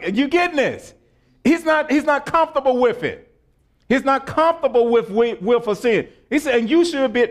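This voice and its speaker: A man preaching in with a high voice that leaps up and down. He laughs often and pulls his listeners into call-and-response. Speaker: pastor. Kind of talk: sermon.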